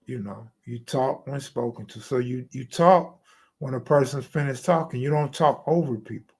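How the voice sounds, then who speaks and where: A man's voice: medium pitch, normal speed, darkish tone, slightly rough. A man hosting a live stream, chatting casually and answering his viewers in loose, slangy talk. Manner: loose, slangy, talks to chat and reads comments aloud.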